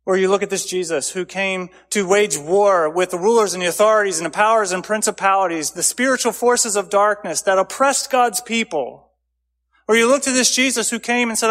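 A man preaching a sermon, earnest, building up loudly on key phrases and then dropping low and quiet. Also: fairly quick. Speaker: pastor.

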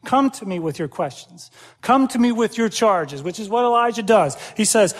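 Male pastor, animated sermon delivery, high-pitched, long reverb of a big hall. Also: moderate pace. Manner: animated, acts out quoted prayers and dialogue, laughs often.

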